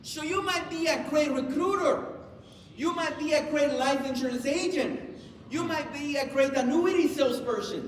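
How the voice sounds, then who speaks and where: A man's voice: very high-pitched, moderate pace, a little hiss or hum. A man giving a motivational business seminar to a live audience, talking emphatically and firing questions at the crowd. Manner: emphatic, repetitive, quizzes the crowd with call-and-response questions. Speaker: business trainer speaking to an audience. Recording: echoey hall, voice from far off.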